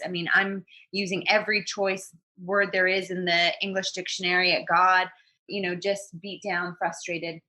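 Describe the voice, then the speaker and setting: A woman in her thirties appears as a podcast guest, sharing a personal story earnestly and candidly. Her medium-pitched voice sounds pushed and bright, and she acts out what people said.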